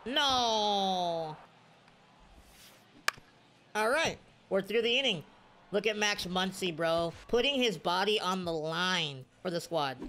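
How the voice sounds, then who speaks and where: A young man giving live commentary over his own gameplay, swinging from quiet mutters to sudden shouts. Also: sits high, lively intonation, slow, pauses often, slight background noise. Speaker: gaming video creator.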